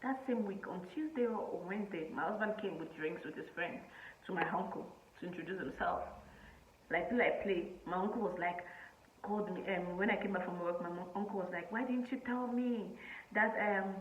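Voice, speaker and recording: A woman in her twenties from Nigeria, telling a personal story to camera in a chatty, animated way, laughing often and using many fillers. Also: fairly low pitch, brisk, roomy sound, highs cut off, a little hiss or hum. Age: 20s. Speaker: vlogger.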